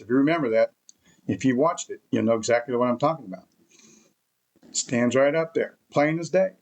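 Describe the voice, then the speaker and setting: A man giving a rambling, emphatic opinion monologue to camera, repeating his points often. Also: mid-range voice. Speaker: vlogger.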